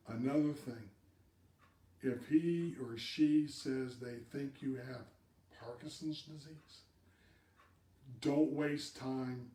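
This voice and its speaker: A man's voice: medium pitch, takes it slowly, long pauses, dark tone, roomy sound, recorded from a distance. A man hosting a live video cast, giving direct advice to viewers and repeating words for emphasis.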